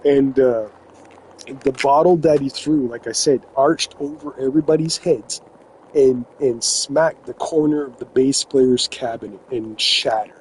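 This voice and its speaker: A man from New Brunswick tells a story in loose, swearing-heavy chat, laughing often as he rambles. His voice sits at an ordinary middle pitch. A faint hum of background noise runs under it. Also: a little slow, low-quality recording. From New Brunswick, Canada. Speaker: gaming vlogger telling a story. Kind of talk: casual storytelling.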